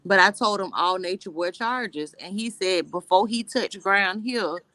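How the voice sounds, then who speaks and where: A woman's voice: medium pitch, measured pace, bright, forceful tone, no echo. A woman from Florida chatting casually on a live stream, blunt and joking in a laid-back way.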